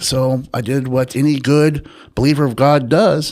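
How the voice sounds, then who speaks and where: A man telling his personal story as an interview guest, in a reflective, unhurried way with pauses and fillers. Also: medium pitch, a little mellow. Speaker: interview guest, author and researcher.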